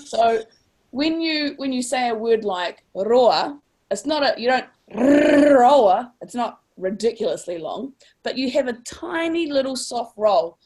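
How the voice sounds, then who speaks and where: Woman, New Zealand accent, language teacher, encouraging, fairly high voice, classroom. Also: lively intonation, unhurried, darkish tone. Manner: upbeat, encouraging, drawls words out to model sounds.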